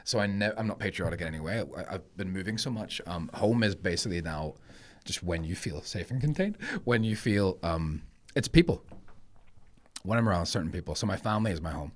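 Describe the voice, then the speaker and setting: A man talking as a podcast guest in relaxed conversation, telling stories in a reflective way. He grew up moving between Germany and England. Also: low voice, a little fast. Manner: reflective, storytelling. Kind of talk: casual conversation.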